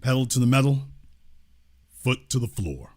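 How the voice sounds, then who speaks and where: A man hosting a live-stream talk show, making casual, mocking commentary with animated asides. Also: medium pitch, moderate pace. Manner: animated, mocking, slips into mimicked voices.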